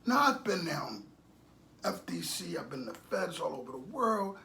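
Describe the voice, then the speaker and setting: A middle-aged man giving animated street-talk commentary, preachy and repetitive, firing off rhetorical questions and swinging between loud bursts and low muttering. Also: normal speed, a little hiss or hum. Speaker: commentator on a social media channel.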